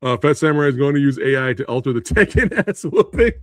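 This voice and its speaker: A man's voice: medium pitch, fast, no echo, clean studio sound. A man hosting a live movie review stream, ranting in disbelief, laughing often, swearing and answering viewer comments. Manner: animated, incredulous ranting with frequent laughs and swearing.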